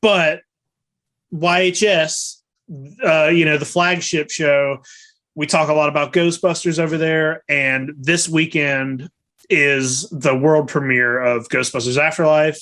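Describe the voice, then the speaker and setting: A man's voice: on the high side, slow pace. A man hosting a podcast in casual, friendly chat, making announcements and talking about collecting. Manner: friendly, relaxed, announces plans. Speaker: podcast host.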